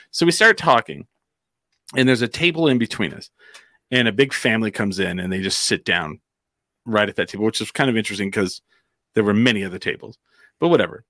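A man's voice: lowish voice, lively intonation, brisk, pauses often, bright, forceful tone, no room sound, studio quality. A man from New Mexico telling a long story in casual chat, rambling with fillers and acting out quotes.

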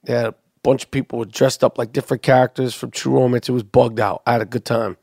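A man's voice: mid-range voice, level tone, fast talker, vocal fry, darkish tone, dry recording, studio quality. A man hosting a podcast, telling stories in casual chat, heated and full of swearing. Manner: profane, heated storytelling. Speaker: podcast host.

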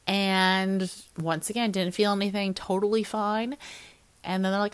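A woman's voice: mid-range voice, little pitch movement, unhurried, smooth, dry recording. A young woman candidly telling her personal story in a casual, conversational way, with plenty of fillers. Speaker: fitness coach. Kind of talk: personal birth story vlog.

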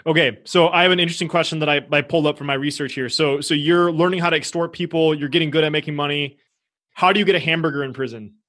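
A male interviewer talks fast in a slightly high voice. He asks questions with quick curiosity. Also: a bit bright. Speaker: host.

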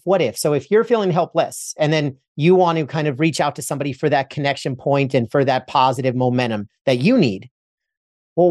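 A man's voice: fairly high pitch, darkish tone, no room sound, studio quality. A man hosting a podcast interview, enthusiastic and wordy as he builds up his points. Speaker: podcast host.

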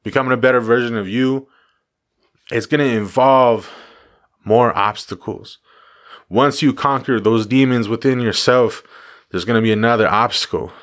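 A man's voice: medium pitch, moderate pace, long pauses, a bit bright. A man giving a casual motivational talk, driving his points home with repeated phrases and the odd swear word. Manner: emphatic repetition, casual profanity. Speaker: motivational vlogger.

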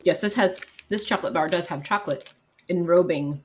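A woman's voice: fairly low pitch, brisk, darkish tone, slight background noise. A woman co-hosting a casual snack-tasting chat, enthusiastic and playful with lots of appreciative murmurs. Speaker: podcast co-host.

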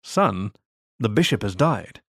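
A man doing a soft-spoken fox monk. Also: lowish voice, sing-song, slow, vocal fry, breathy edge, no echo, clean studio sound, full character voice. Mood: gentle. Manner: soft murmuring. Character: gentle male fox monk, calm and kind.

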